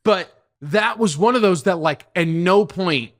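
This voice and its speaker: A man's voice: high-pitched, a little slow. A man in his twenties hosting a gaming podcast, telling stories in a rambling way with frequent restarts. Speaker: podcast host. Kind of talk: casual chat.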